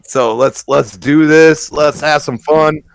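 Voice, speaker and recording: A man's voice: on the high side, steady tone, takes it slowly, vocal fry, smooth. A man co-hosting a casual gaming show, opening it in a laid-back, hyped-up way. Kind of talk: casual online show chat.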